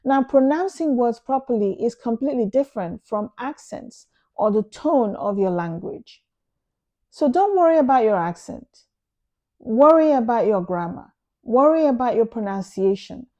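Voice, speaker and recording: Earnest woman with a warm, mellow voice. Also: a little high, lively intonation, normal speed, lo-fi sound. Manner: earnest, emphatic, repeats phrases for stress. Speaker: vlogger. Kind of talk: casual advice talk to camera.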